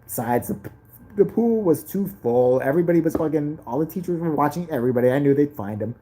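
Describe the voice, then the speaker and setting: A woman's voice: sits low, lively intonation, fast talker, warm tone, a little hiss or hum. A middle-aged woman telling a profane comic story about her school days, brash and laughing as she goes.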